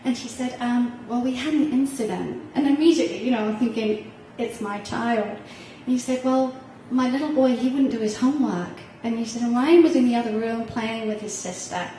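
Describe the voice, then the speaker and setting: A woman's voice: fairly high pitch, moderate pace, few pauses, warm tone, slight background noise. A middle-aged woman, a parent on a panel, telling a heartfelt personal story with some laughter, recorded from a distance in a hall. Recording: echoey room heard from far off.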